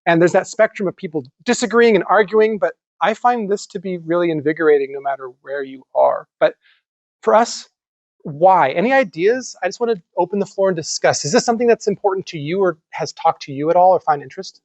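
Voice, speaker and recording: A man giving a conference lecture in an animated, conversational way, with some casual swearing. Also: high voice, fairly quick, dry recording, highs cut off. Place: lecture room.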